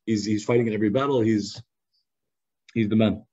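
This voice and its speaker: A man teaching a youth study circle in a lively, conversational storytelling style, acting out quotes over a video call. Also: fairly low pitch, fairly quick, husky. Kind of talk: casual storytelling lesson. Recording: slightly muffled lo-fi recording.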